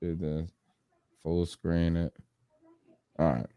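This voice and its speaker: A man co-hosting a sports podcast, telling stories in a loose, profane, animated way and laughing often. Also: sits low, slow pace, smooth, no room sound. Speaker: podcast co-host. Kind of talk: casual chat.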